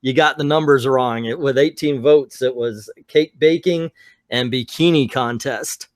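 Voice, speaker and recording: A man's voice: mid-range voice, unhurried, no echo. Casual male podcast host, dry close mic. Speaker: podcast host presenting awards. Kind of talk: casual group chat.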